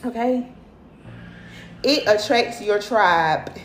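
A woman's voice: mid-range voice, drawn-out words, roomy sound, a little hiss or hum. A woman speaking in as the host of a livestream, giving profane motivational talk and repeating "period" and "okay".

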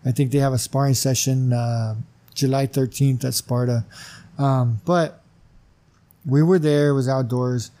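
Man, podcast guest, casual storytelling, acts out dialogue, mellow tone, fillers. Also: medium pitch, measured pace. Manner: animated storyteller who acts out dialogue, many "you know" fillers. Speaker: wrestling commissioner and gym owner, podcast guest.

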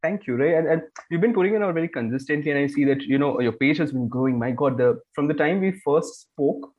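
A man's voice: a little high, fast, highs cut off. A man with an Indian English accent hosting a podcast, chatty and joking as he interviews a guest. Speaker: podcast host. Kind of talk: casual interview chat.

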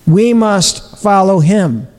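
A man's voice: high-pitched, expressive, slow pace, a little mellow, big-room sound, poor audio. A man preaching a sermon as pastor, earnest and repetitive, asking his listeners rhetorical questions. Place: church.

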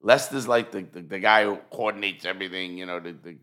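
A man's voice: low voice, quick pace. An older man hosting a podcast, telling stories in casual chat with a swear here and there. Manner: storytelling, animated, swears casually. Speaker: podcast host.

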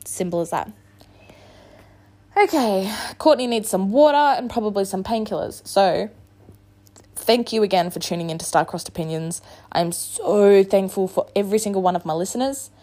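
A woman's voice: medium pitch, normal speed, mellow. Woman, solo podcast host, hungover, blunt, motivational, swears. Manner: frank, motivational, swears freely. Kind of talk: casual solo podcast monologue.

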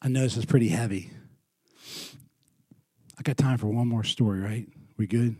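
A middle-aged man preaching a sermon in a church, moving from loud, lively storytelling to quiet, earnest lows. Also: normal speed, breathy edge, no room sound, clean studio sound. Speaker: pastor.

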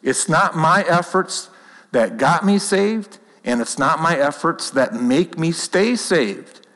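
A man's voice: on the high side, lively intonation, slow pace, fairly bright tone. Man preaching in a reverberant hall. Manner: earnest, conversational preaching with repeated restarts. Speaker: pastor. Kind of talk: sermon.

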